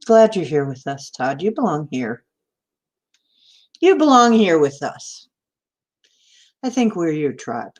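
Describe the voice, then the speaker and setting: A radio-trained woman with a flat Midwestern announcer accent, hosting a casual livestream and chatting with viewers as she reads their comments, laughing often. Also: low voice, slow pace, pauses often. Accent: flat Midwestern American, announcer style. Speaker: host of a spiritual livestream.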